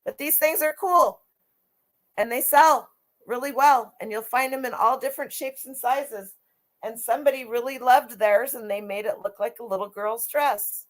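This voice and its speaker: A woman's voice: on the high side, normal speed. A middle-aged woman who resells vintage clothing, chatting casually and rambling on a live stream with lots of restarts.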